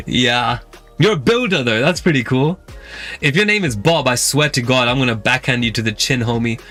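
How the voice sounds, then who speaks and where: A man's voice: medium pitch, bright, forceful tone. A man with a London accent, hosting a music channel and chatting casually with viewers in long rambling stories full of fillers. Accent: London English. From England. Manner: rambling, filler-heavy storytelling. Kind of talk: casual chat with live viewers.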